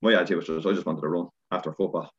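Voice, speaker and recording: An Irish man, a podcast guest, chatting casually and telling lively stories, swearing freely. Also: sits low, very fast, husky. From Ireland. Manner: animated storyteller, swears freely. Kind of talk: casual chat. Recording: dull lo-fi sound.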